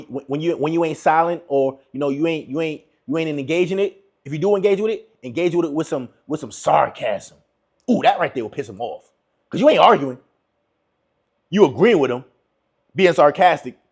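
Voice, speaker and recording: A young man giving relationship advice to viewers in a casual, emphatic monologue, repeating his points and calling listeners bro. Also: a little high.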